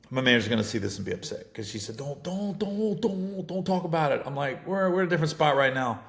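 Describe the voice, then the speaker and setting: A middle-aged man, a comedian hosting his own show, telling stories in a casual, animated monologue with a gravelly voice. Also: fairly high pitch, roomy sound. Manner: animated storytelling, rising to shouts when fired up. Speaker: comedian and podcast host.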